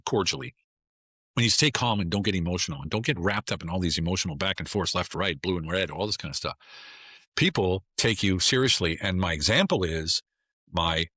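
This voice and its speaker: Blunt fast-talking man, low and bright. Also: breathy edge, dry recording, clean studio sound. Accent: American. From United States. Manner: blunt, emphatic, repeats himself and restarts. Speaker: podcast guest, author. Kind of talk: casual podcast conversation.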